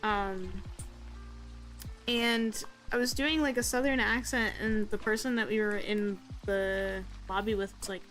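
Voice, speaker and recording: A woman's voice: mid-range voice, fairly even intonation, a little slow, a bit bright, soft background music, poor audio. A young woman streaming while she draws, chatting casually in a rambling, self-deprecating way full of fillers. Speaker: art streamer.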